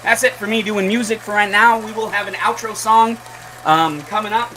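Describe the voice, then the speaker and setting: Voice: mid-range voice, fairly even intonation, normal speed, sharp tone, a little hiss or hum. A livestream host and artist chatting casually to viewers while coloring, rambling with fillers.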